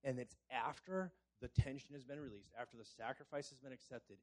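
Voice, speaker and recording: A man's voice: medium pitch, fairly quick, poor audio. Explaining man checking in with "right?". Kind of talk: conversational Bible discussion.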